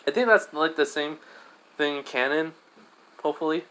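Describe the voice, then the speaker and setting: A man's voice: a little high, moderate pace, fairly bright tone, clean tone, poor audio. A man casually retelling a fan story, rambling with lots of fillers.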